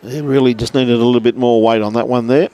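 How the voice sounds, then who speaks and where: Chatty Australian bowls commentator. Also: male voice, medium pitch, steady tone, fast talker, dark tone, clear, resonant tone. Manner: chatty, greets viewers by name between shots. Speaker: lawn bowls livestream commentator. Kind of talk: casual live sports commentary.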